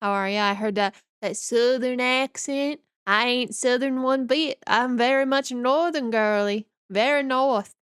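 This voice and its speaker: A woman streamer from northern Canada talks casually with her viewers in a slightly high voice. She takes her time and rambles along easygoing as she answers chat. The sound is dry and close, with no room echo. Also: a little slow, few pauses, fairly bright tone, clean tone.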